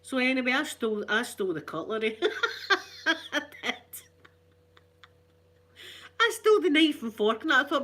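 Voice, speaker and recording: A woman's voice: sits high, very animated, measured pace, pauses often, bright, forceful tone. Cheeky rambling Scottish woman. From Scotland. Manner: cheeky, rambling, self-mocking storyteller. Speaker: ASMR channel host. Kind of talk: casual chatty ASMR talk.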